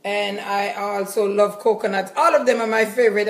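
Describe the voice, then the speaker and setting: A woman's voice: medium pitch, fairly even intonation, moderate pace. A woman vlogger chatting casually and enthusiastically while showing her groceries, repeating herself as she goes. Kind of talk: casual grocery haul vlog.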